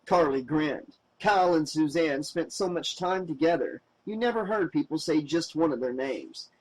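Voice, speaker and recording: A man reading a novel aloud as an audiobook narrator, with expressive, wry storytelling. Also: a little high, normal speed, low-quality recording.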